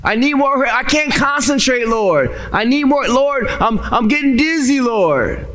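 A male pastor acting out a starving, desperate man who begs God for food in a halting voice. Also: very high voice, animated, fairly bright tone, voice pushed up, full character voice. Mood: pleading. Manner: pleading, halting.

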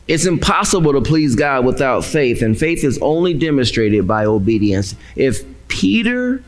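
Impassioned preacher, lively swooping pitch. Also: male voice. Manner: impassioned preaching with dramatic pauses. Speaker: pastor. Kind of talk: sermon.

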